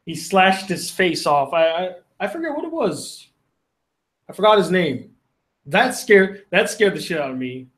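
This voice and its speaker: High-voiced man casually answering live chat. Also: very animated, a little slow, a bit bright. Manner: rambling, swears casually, self-interrupting. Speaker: livestream host answering chat questions. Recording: echoey room.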